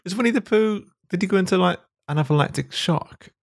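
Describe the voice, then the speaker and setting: A man's voice: high-pitched, gravelly. A man in casual comedic chat, riffing on jokes in a dry, playful way. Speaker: podcast co-host.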